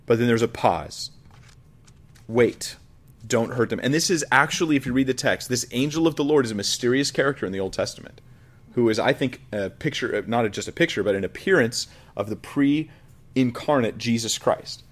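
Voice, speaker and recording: A man at an ordinary pitch works through a Bible passage verse by verse. He reads aloud and then explains it in an earnest, reflective teaching voice. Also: expressive, fairly quick. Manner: earnest, reflective, with frequent restarts. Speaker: pastor.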